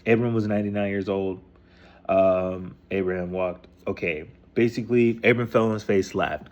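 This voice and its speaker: A man's voice: sits low, fairly even intonation, moderate pace. A man casually retelling a scripture story in loose, profane slang, reading passages aloud and then paraphrasing them. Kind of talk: casual rambling explanation.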